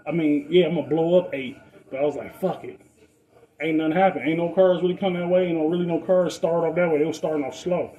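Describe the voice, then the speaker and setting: A man's voice: fast, dull audio. Man telling a street story. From Detroit. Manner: animated, acts out other people's voices in a higher pitch; profane street slang. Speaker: podcast storyteller. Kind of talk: casual storytelling.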